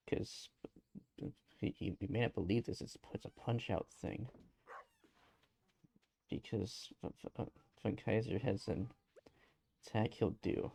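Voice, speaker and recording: Low-key gravelly male game streamer. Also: unhurried, pauses often, dark tone. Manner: playful, muttering silly sing-song asides; low-key, subdued delivery. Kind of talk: casual gameplay commentary.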